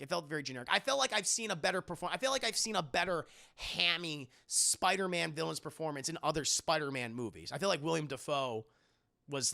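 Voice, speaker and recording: A man talks through a film review on a live stream in a gravelly voice, pitched a little above the usual male range. His tone is bright and edgy. He rambles, circles back on his own points, and swears freely while answering his chat. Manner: rambling, repeats himself, swears, chats with viewers.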